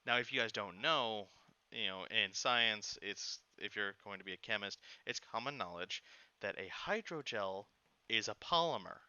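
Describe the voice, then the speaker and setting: A man's voice: lowish voice, normal speed, clean tone, dry recording, highs cut off. A young man rambling through an annoyed personal story in casual chat, with lots of fillers. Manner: rambling, animated, exasperated retelling with many fillers. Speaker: gaming channel host telling a personal story.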